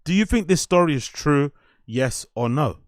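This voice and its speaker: A man's voice: a little high, lively intonation, moderate pace, no echo, clean studio sound. A man streaming casually, rambling and repeating himself as he quizzes his chat. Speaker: streamer reacting to clips.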